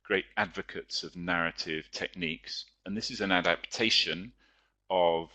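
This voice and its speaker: A male teacher presenting a webinar lecture in a chatty, explanatory way, pausing often on fillers. His voice is low but bright and forceful. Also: fairly even intonation.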